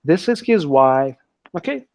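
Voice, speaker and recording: A man's voice: a little high, big pitch swings, measured pace, gravelly, a little mellow. A man teaching an English class live online, explaining step by step and checking in often with "okay", heard through a computer mic on a video call. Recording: dull lo-fi online call audio.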